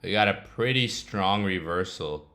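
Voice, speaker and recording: A man's voice: low-pitched, measured pace, pushed and bright. A young man vlogging casually about trading, talking in a loose, slangy way with laughing asides.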